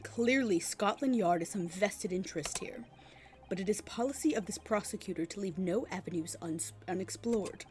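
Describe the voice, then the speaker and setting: A woman voicing a cold, haughty male prosecutor in a video game, measured and formal. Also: medium pitch, lively intonation, darkish tone, slight background noise, close to an everyday voice. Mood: stern.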